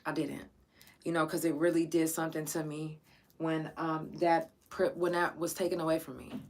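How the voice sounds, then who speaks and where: On her own podcast, a woman speaks in an emotional, casual monologue that is profane and excitable, her voice on the verge of tears. She has a low voice and moderate pace, with slight background noise.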